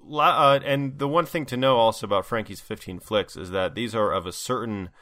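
A man's voice: on the low side, brisk, bright, forceful tone, no room sound, studio quality. A man co-hosting a casual movie podcast, joking and laughing often. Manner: jokey, laughs often, does goofy voices. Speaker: podcast co-host.

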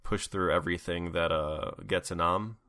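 A man's voice: sits low, fairly even intonation, normal speed, pushed and bright, no room sound. A man co-hosting a casual movie podcast, joking and laughing often. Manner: jokey, laughs often, does goofy voices. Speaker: podcast co-host.

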